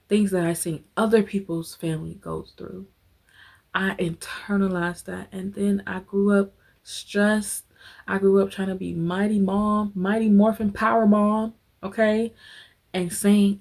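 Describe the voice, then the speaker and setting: A woman's voice: mid-range voice, flat delivery, slow, gravelly, a little mellow. A woman hosting a motivational talk, speaking emphatically in a preacher-like way, calling listeners honey and y'all and guiding them through a visualization. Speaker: host.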